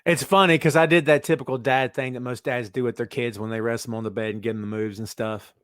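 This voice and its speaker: A man's voice: medium pitch, steady tone, quick pace, a bit bright, dry recording, studio quality. A middle-aged man hosting a casual wrestling podcast, rambling and joking as he talks to his co-hosts and listeners. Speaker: podcast host.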